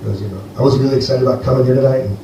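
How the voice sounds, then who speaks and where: A Greek stand-up comedian performs a loose, rambling set at a comedy venue, dry and playful as he talks with the live audience, racing along in an ordinary middle pitch with a dark tone. The recording is very echoey and distant, as if heard from afar, with clear room noise and the highs cut off.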